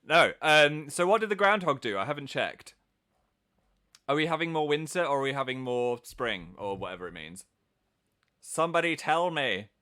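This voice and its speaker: Playful, lively man hosting a live stream. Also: on the high side, normal speed. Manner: playful, self-mocking, reads out viewer comments. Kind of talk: casual live-stream chat.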